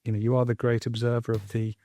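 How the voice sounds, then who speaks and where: A male host leads a public conversation and eagerly builds on earlier points. He talks quickly in a mellow, dark voice, recorded dry and close. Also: medium pitch, level tone, dry recording. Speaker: interviewer and host. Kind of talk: conversational talk.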